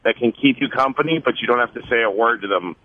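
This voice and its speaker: A male comedian calling into a talk radio show, telling dark jokes in a deadpan way over a phone line. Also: mid-range voice, fast, a little hiss or hum. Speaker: comedian guest.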